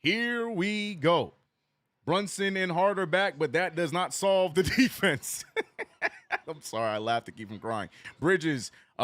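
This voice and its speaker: A man streaming a live basketball watch-along, calling plays and reading chat with animated, joking frustration. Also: medium pitch, no echo. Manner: animated, joking, reads chat messages aloud; frustrated fan venting and cursing.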